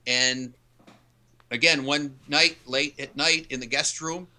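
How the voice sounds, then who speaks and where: Bright, forceful man telling stories. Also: medium pitch, fairly even intonation, slow. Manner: storytelling, earnest and emphatic. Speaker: author and youth coach, interview guest. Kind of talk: casual interview conversation.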